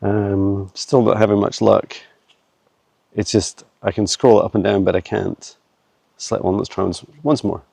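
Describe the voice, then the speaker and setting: Man, dark gravelly voice, dry close phone sound, halting casual vlog delivery. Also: fairly low pitch, flat delivery, no room sound. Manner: halting, many fillers and restarts. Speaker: psychic channeler. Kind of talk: casual walking vlog, channeling answers. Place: woods outdoors, walking a dog. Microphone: handheld phone camera.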